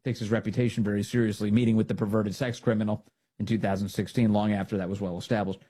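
Husky man doing mocking political commentary. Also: fairly low pitch, little pitch movement, fast, dark tone. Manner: mocking, laughs at his own jokes. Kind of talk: opinionated commentary on news clips.

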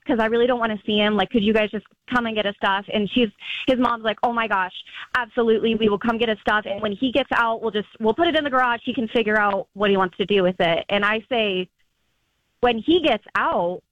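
Young woman calling in, high-ish voice, dry sound, rambling chatty story full of likes. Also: brisk, dry recording, lo-fi sound. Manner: chatty, lots of "like" fillers, acts out quotes. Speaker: caller. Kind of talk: casual phone-in storytelling.

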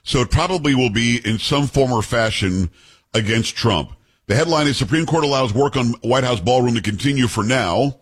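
A man hosting a talk radio show, telling stories in quick, animated casual banter and mimicking the people in them. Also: medium pitch, slightly rough. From from an Italian-American family. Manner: fast, animated storyteller who mimics people.

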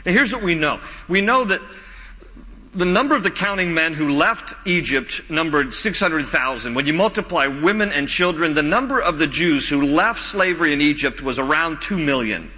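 A man preaching a sermon as pastor, animated, with joking asides and quick voices for the characters in the story. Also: on the high side, in a large hall, poor audio.

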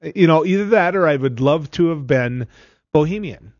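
Radio host guy, kinda high voice, rambly and chuckly, dry dull studio sound. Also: lively intonation, moderate pace, no room sound. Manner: rambling, chuckling, restarts often. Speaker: radio talk show host. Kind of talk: casual radio chat. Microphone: studio microphone.

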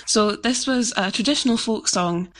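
A woman folk singer as a radio guest, talking about her travels and a song in a relaxed, explanatory way. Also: mid-range voice, moderate pace. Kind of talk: radio interview.

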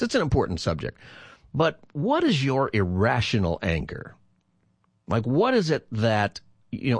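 A pastor hosts a casual call-in radio show, speaking into a studio microphone in a fairly low voice with no room sound. He's chatty, laughs easily, and repeats the phone number.

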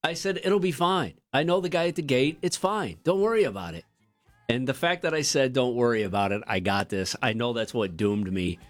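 A middle-aged man trades easy morning-radio banter, winding through long, self-deprecating stories and breaking into laughter along the way. His voice sits at an ordinary mid pitch, with faint music playing in the background. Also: expressive, a little fast. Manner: rambling storyteller, self-deprecating, laughs often. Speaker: radio show co-host.

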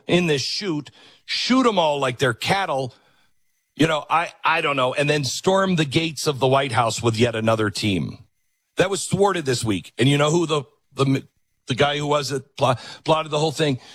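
A man hosting an opinionated talk show, with a sarcastic, mocking delivery. His pitch swings widely as he scoffs and jokes. The voice is a little husky and recorded dry and close. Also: no room sound. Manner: sarcastic, mocking, animated asides. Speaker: political commentary host.

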